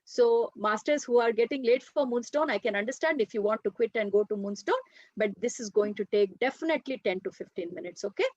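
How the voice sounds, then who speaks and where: A woman leading a children's workshop, telling a story in an animated way. Her voice is high. The recording is dry and a little dull. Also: a little fast, no echo. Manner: animated, addresses listeners as "masters".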